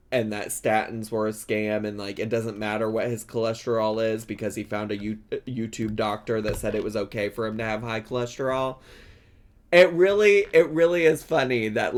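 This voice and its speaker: A man giving casual reaction commentary, giggly, sarcastic and rambling. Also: mid-range voice.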